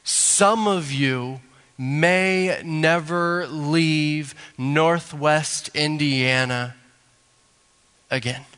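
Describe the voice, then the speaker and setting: A male pastor, preaching a sermon slowly and deliberately, building to emphatic rises. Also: fairly high pitch, fairly bright tone, clean tone. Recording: long hall reverb.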